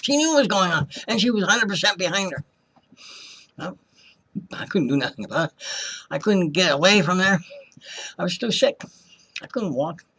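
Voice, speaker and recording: A man with a fairly high voice gives a personal testimony about his time as a hospital patient. He talks with passion and accusation, and circles back to repeat his points. He switches into other people's voices as he retells conversations. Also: fairly bright tone. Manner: impassioned and accusing, repeats himself, acts out quoted voices.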